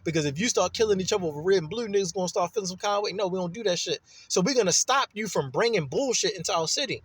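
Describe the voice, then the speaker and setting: A man's voice: high-pitched, animated, very fast, a bit bright, husky, dry recording. A man from Baltimore with a Baltimore accent, telling a rambling, profane personal story in a casual monologue. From Baltimore, USA.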